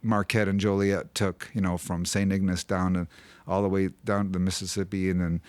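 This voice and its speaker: A man's voice: low voice, flat delivery, fairly quick, darkish tone, dry recording. A male singer-songwriter, a guest in a radio studio, singing a ballad and then telling its story in a rambling way full of filler words. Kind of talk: sung ballad with guitar, then chatty storytelling. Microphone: studio microphone. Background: his own guitar.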